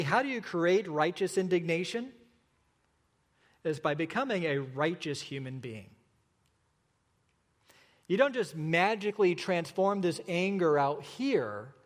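A man preaching a sermon as a pastor, earnest and emphatic, slowing down for repeated points. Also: high-pitched, a bit bright, in a large hall.

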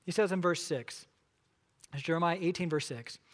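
A man's voice: fairly high pitch, moderate pace. A man preaching a sermon, telling the story dramatically and asking his listeners questions.

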